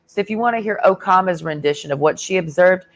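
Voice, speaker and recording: A woman's voice: on the low side, fast talker. A woman ranting in a heated, sarcastic and profane way in a casual vlog. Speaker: vlogger. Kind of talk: casual rant.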